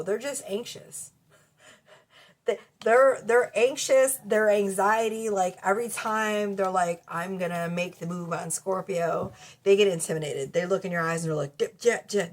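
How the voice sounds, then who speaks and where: Speaking at a moderate pace with a medium-pitched voice, this adult mother does a casual tarot reading to camera in her cluttered bedroom. She's blunt and profane and laughs a lot, all picked up by the camera mic.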